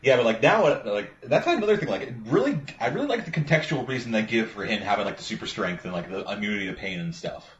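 A man's voice: on the low side, expressive, quick pace, few pauses. Man cohost, rambling movie rant, muffled sound, echoey room, faint hiss. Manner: rambling, profane, lots of "like". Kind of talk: casual movie chat. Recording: roomy, muffled recording with faint ambience.

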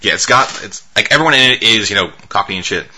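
Bright, husky-voiced man chatting loosely. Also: on the low side, expressive, fast talker. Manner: loose, profane, heavy on filler words. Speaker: podcast co-host reviewing movies. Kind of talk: casual chat.

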